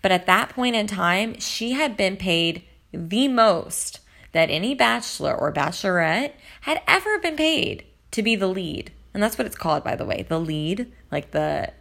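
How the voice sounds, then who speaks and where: A woman with a lowish voice and a lot of vocal fry, talking in casual chat. She rambles on about reality TV in a gossipy tone. Her talk is full of fillers. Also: a bit bright. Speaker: reality TV commentator.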